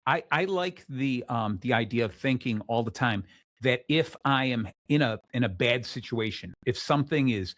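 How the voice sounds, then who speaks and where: A man with a mid-range voice hosts his own talk show, speaking at normal speed in a dry recording with no echo. He chats casually and tells energetic stories, often restarting as he goes.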